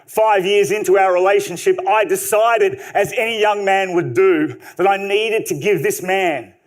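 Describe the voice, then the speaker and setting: Man, stage storyteller, funny and lively, high voice, live talk. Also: moderate pace. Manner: animated, humorous, vivid storytelling. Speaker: speaker.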